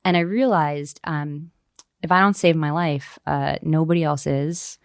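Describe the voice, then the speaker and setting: A woman's voice: low voice, measured pace, dry recording, studio quality. A woman in her thirties, an author guest on a podcast, speaking candidly and animatedly with frequent fillers. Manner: animated, acts out quoted voices, frequent fillers.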